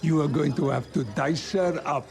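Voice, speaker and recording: An actor playing an older man who poses as a sinister Frenchman, with a put-on French accent and a slow, deliberate delivery. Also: on the high side, creaky, darkish tone. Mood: sly menace.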